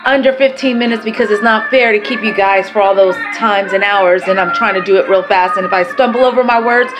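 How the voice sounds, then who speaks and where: A vlogger talks casually to her camera, rambling and chatting with plenty of swearing. Her mid-range voice runs a little fast. The recording is low quality, with music playing behind her.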